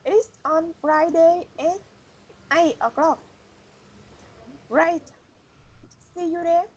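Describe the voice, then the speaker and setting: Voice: very high voice, steady tone, extremely slow, muffled recording. An English student carefully reading practice dialogues aloud in a lesson.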